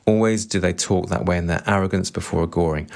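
A fierce, bitter middle-aged woman, as a male reader puts her on, scornful and hard. The voice stays low and close to the reader's own. It is heard as part of a spoken reading of a novel. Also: fast, vocal fry, darkish tone.

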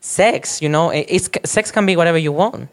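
A young man speaking as a panel guest, outspoken and animated, laughing as he mimics other people. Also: fairly high pitch, moderate pace. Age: young adult. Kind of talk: frank live panel chat.

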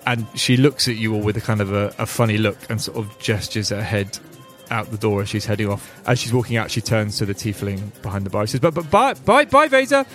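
A man acting as game master, narrating a tabletop game in an animated way and laughing often. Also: fairly low pitch, fast talker, hardly any pauses, soft background music.

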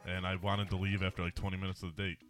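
Man, lowish voice, bright tone, dry teasing delivery, faint game music behind. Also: little pitch movement, very fast. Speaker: gamer chatting with a friend. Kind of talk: casual chat over gameplay.

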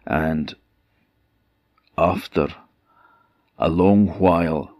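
A man's voice: sits low, drawn-out words, a little mellow, no room sound, studio quality. A male storyteller from the Orkney Islands telling a folk tale unhurriedly and expressively, repeating words for effect. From Orkney Islands, Scotland.

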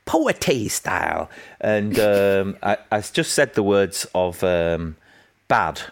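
A man with a Yorkshire accent, a guest in a casual interview, telling animated anecdotes and acting out what people said. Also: takes it slowly, a little hiss or hum. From England. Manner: animated anecdotes, acting out quotes with raised pitch.

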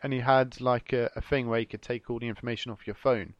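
A man's voice: mid-range voice, steady tone, muffled recording. A man co-hosting a podcast in casual chat, joking, teasing and laughing easily. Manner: jokey, teasing, quick to laugh. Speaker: podcast co-host.

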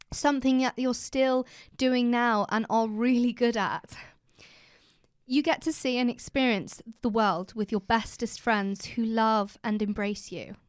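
A British woman with a fairly high voice, co-hosting a chatty podcast. She talks gently and reassuringly, moving between casual chat and reading aloud. Her voice sounds close and dry, with no room around it. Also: smooth, dry recording. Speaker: podcast co-host.

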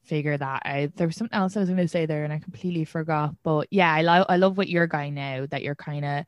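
A woman's voice: deep voice, fast talker, dry recording, highs cut off. Chatty Irish woman hosting a podcast. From Ireland. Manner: chatty, rambling, full of "like". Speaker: podcast host. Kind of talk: casual chat.

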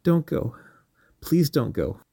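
A man's voice: mid-range voice, sing-song, takes it slowly, creaky, warm tone, slightly rough, pitched above the performer's own voice, exaggerated voice. A man raising his voice for a tiny grieving wife. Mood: pleading.

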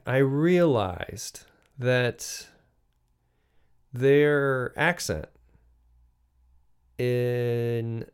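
Podcast host, American man, middle-aged, unhurried reflective monologue, smooth clear voice. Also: medium pitch, a little mellow. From United States. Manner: musing, unhurried, with frequent restarts and fillers.

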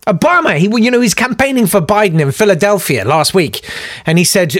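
A man's voice: high-pitched, lively intonation, fairly quick, fairly bright tone, no room sound, clean studio sound. A man hosting a podcast, delivering a sarcastic, ranting comic monologue to his listeners. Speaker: podcast host.

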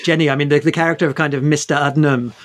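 A man's voice: a little high, fairly even intonation, very fast. A man interviewing authors, hesitant and full of fillers and restarts. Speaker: interviewer host. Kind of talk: book interview.

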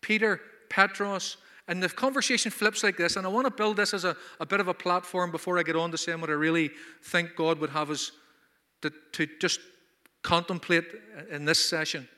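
A man's voice: high-pitched, fairly even intonation, normal speed, bright, forceful tone, in a large hall. A man preaching a sermon at a conference, emphatic and full of rhetorical questions. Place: conference hall.

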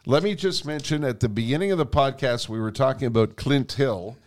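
A middle-aged man co-hosts a podcast, chatting casually and rambling with plenty of fillers. His voice sits in the mid-range, slightly mellow, and he talks briskly.

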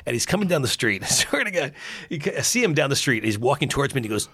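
A man, a burger expert and podcast guest, chatting casually and telling animated stories, acting out quotes and laughing often. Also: mid-range voice, very fast, husky. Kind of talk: casual interview chat.

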